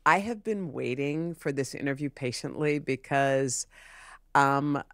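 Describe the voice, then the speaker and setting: A woman's voice: very deep voice, a little slow, a bit bright, dry recording, studio quality. A woman TV host opening an interview in a heartfelt, effusive way.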